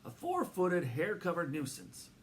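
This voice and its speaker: A man's voice: on the high side, wildly swooping pitch, a little slow, pitched above the performer's own voice. A man voicing a groggy middle-aged man who grumbles and scolds sleepily. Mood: grumbling.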